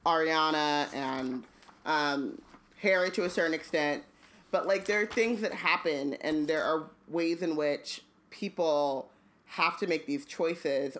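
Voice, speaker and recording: A podcast co-host in casual, jokey book chat who slips into quick character voices. The voice sits at a middling pitch. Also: fairly bright tone.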